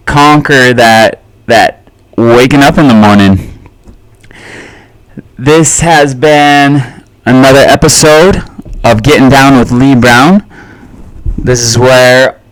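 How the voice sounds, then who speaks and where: A man hosting his own solo podcast, talking casually in a relaxed, rambling way with lots of fillers and little chuckles. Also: mid-range voice, no room sound. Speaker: podcast host.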